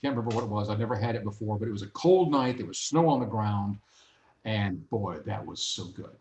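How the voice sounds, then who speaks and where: Animated storytelling man in an echoey room. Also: fairly low pitch, brisk. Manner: animated, acts out voices in anecdotes. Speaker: guest. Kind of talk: casual storytelling. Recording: roomy echo.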